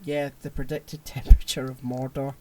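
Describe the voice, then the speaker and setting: A man's voice: medium pitch, little pitch movement, moderate pace, mellow, a little hiss or hum. A man co-hosting a casual podcast chat, talking in a laid-back, hesitant way with fillers and teasing his co-host.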